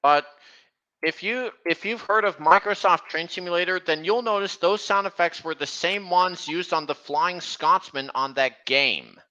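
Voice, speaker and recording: A man's voice: high voice, moderate pace, pushed and bright, rough recording. A man hosting a casual livestream, rambling on eagerly about trains and their sound effects. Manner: rambling train-enthusiast commentary. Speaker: livestream host. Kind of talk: casual stream chat.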